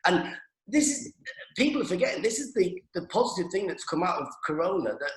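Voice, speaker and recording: A man from northeast England, a comedian telling animated stories over a video call. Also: sits high, brisk, echoey room, rough recording. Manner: animated, excitable storytelling. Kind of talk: stand-up style chat on a video call.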